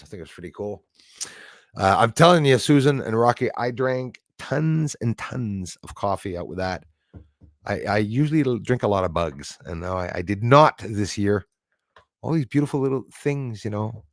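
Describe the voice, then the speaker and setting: A middle-aged man hosting a casual live stream, excitable, thanking viewers by name and swearing when angry. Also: lowish voice, dry recording, clean studio sound.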